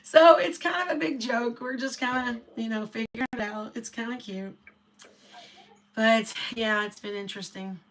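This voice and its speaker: Chatty lady, middle-aged, bright high voice, laughs a lot, gets quiet and soft sometimes. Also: moderate pace. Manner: chatty, laughs often, drops soft when reflective. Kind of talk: casual chat.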